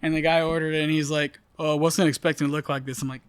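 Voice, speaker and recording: A man's voice: on the high side, flat delivery, fast, smooth, dry recording. A man from Puerto Rico, a master distiller guesting on a podcast, bantering with laughs and profanity. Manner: laughing, profane banter with mocked customer quotes. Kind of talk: casual chat.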